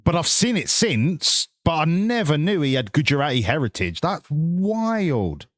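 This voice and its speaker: Sarcastic man with a lively voice. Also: on the high side, unhurried, no echo. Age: adult, grew up before the 1980s. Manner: sarcastic banter, swears freely. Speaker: streamer. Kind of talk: live gameplay commentary.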